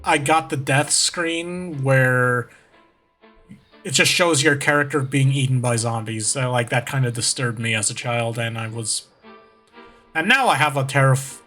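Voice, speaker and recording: A man's voice: mid-range voice, unhurried, sharp tone, soft background music. A man giving casual let's play commentary, rambling and joking at his own expense. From United States. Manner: rambling, jokey, laughs at himself. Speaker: gaming vtuber.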